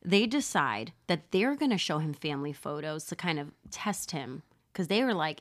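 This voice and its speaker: A woman with a somewhat low voice narrates a true crime story for her podcast co-host. She talks loosely and conversationally, dropping profanity and laughing along the way. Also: animated, normal speed. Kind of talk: casual storytelling chat.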